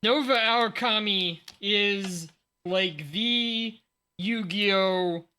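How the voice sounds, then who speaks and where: A man in his forties chats casually on a livestream with a sleepy morning voice, thinking aloud and poking fun at himself. He talks slowly, drawing out his words in an easy, unhurried way. His tone is bright and sharp. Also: high voice, clear, resonant tone. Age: 40s. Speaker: streamer. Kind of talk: casual livestream chat while unboxing cards.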